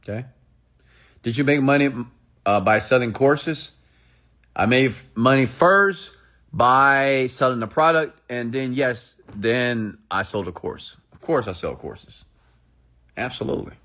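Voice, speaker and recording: A man's voice: mid-range voice, measured pace, sharp tone. A man telling a motivational story in a rambling, emphatic, repetitive way. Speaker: motivational speaker.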